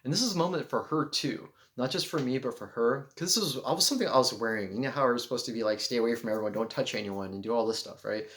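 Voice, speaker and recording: Holding a camera and recording through its mic, a man vlogs his spiritual musings casually, earnest and rambling, with lots of "you know." He talks quickly with few pauses in a medium-pitched, slightly bright voice.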